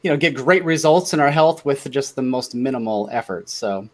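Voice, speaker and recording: A man's voice: medium pitch, lively intonation, normal speed. A man in his fifties, a guest fitness coach talking earnestly on a podcast with self-deprecating humor. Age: 50s. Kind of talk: casual podcast chat.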